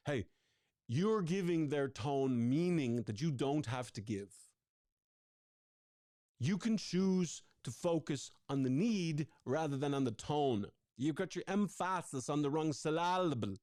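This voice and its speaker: A man's voice: a little high, lively intonation, unhurried, a little mellow, dry recording, clean studio sound. A man presenting a live online workshop on conflict, talking energetically, often repeating words and putting questions to his audience. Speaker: relationship coach presenting a workshop.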